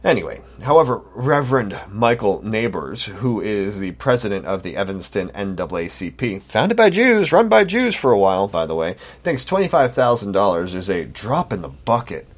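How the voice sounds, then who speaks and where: A man's voice: lowish voice, sing-song, moderate pace, few pauses. A man hosting a solo podcast, talking in a sarcastic, mocking commentary style. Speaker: podcast host.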